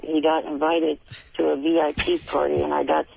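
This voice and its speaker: A cranky man calls in to a radio show and squabbles with the hosts. His voice is gravelly and a bit high. It comes through a tinny phone line with a faint hiss. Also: little pitch movement, moderate pace. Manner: cranky, combative. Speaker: caller.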